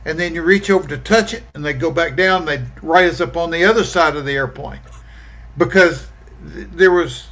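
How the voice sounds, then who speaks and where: Casting note: male guest, bright forceful tone, fairly high pitch, dull lo-fi line. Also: moderate pace. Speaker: podcast guest. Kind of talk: casual chat.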